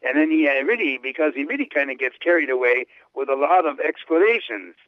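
A man reading a text aloud slowly and explaining it in an unscripted talk, stressing key words and breaking into enthusiastic asides, often repeating and restarting words. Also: on the high side, animated, no echo. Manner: slow, emphatic quoting, rising on key words, enthusiastic asides. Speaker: Latin scholar reading and explaining a papal text. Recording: dry, narrow phone-line sound.

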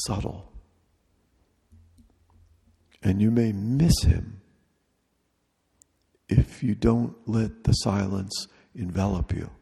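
Man giving a retreat talk, low husky gravelly voice, slow and deliberate with repeated phrases, echoing in a big hall. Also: mellow. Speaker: retreat leader. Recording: long reverb of a large hall.

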